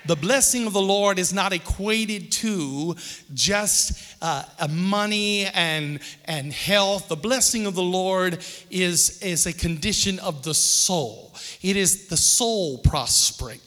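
A man's voice: high-pitched, slow, pushed and bright. A man preaching a sermon as pastor to a congregation in a church. He leads call-and-response and adds joking asides. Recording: long reverb of a large hall.

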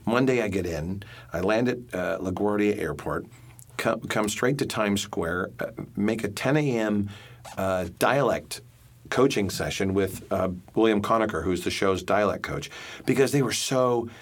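A man, a stage actor, telling a story in a casual interview, halting with many restarts, then speaking in animated bursts. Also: lowish voice.

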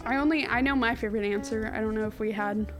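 A young woman co-hosts a laid-back history podcast, reading facts from her notes and tossing in playful asides. Her voice sits a little high and she giggles easily. Soft background music plays faintly behind her. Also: fast. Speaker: podcast co-host. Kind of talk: casual history podcast chat.

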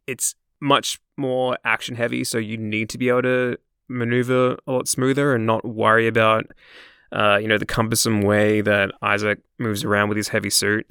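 Australian male podcast co-host, gravelly but resonant, dry close mic, chatty and laughing. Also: on the low side, sharp tone, no echo. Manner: chatty, laughs often, many fillers. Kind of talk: casual chat.

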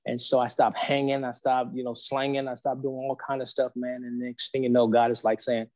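A man's voice: medium pitch, a little fast. Slangy storytelling man telling his testimony. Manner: slangy, animated storytelling that acts out quoted voices. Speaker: guest. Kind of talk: personal faith testimony.

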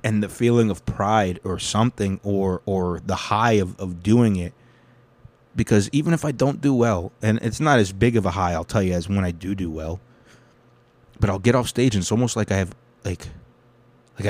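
A young podcast host and stand-up comic rants angrily with heavy swearing, then settles into reflective stories about doing stand-up. His voice sits low and is a little mellow, with no echo.

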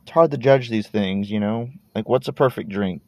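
Sitting in his parked car, this thirtysomething podcast host from Texas meanders along, swearing casually, letting thoughts trail off and repeating words. He has a lowish, darkish voice at a moderate pace, captured in a dry recording.

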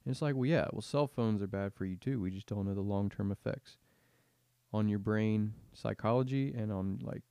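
A man's voice: fairly low pitch, normal speed, dark tone, smooth, no echo. A man in his twenties hosts a podcast, rambling through a casual rant full of slang and swearing. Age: 20s. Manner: profane, slangy, meandering rant. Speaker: podcast host.

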